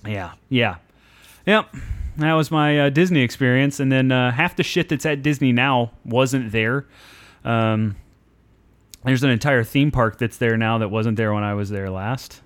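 A young man talks at a medium pitch, swearing freely as he rambles through a self-mocking story. His delivery is loose and conversational, like a podcast chat among friends. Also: measured pace. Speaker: podcast co-host.

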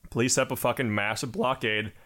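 A man's voice: mid-range voice, fairly even intonation, fast talker, fairly bright tone. A young man co-hosting a podcast, talking in a rambling, heavily sworn casual rant full of fillers. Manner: heavy swearing, rambling, filler-laden. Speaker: podcast co-host. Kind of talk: casual chat.

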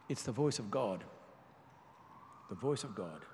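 A man preaching a sermon, reading and explaining scripture in a measured, emphatic way. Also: on the low side, expressive, darkish tone, slight background noise. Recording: long reverb of a large hall.

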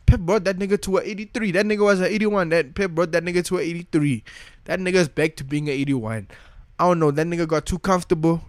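A man's voice: fairly high pitch, fast talker, dry recording. A young man giving a casual, slangy rant as a football fan vlogger, frustrated and repeating himself.

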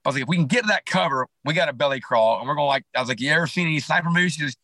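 A man with a bright, forceful voice on a podcast mic tells a long story, rambling and restarting as he goes. His delivery is animated and lively, and his speech sits a little high for a man. The sound is dry and close. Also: very fast, no room sound, low-quality recording. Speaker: podcast guest, clothing company founder. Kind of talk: casual storytelling interview.

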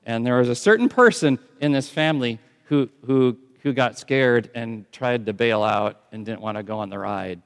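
A man preaching a sermon in a conversational way, often dropping to soft, intense tones. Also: medium pitch, moderate pace, few pauses, clean tone. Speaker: pastor. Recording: long church reverb.

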